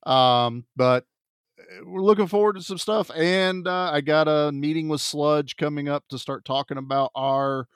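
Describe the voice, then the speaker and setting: A man's voice: on the high side, moderate pace, smooth, no echo, studio quality. A man co-hosting a podcast in a casual, chatty and joking way. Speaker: podcast co-host.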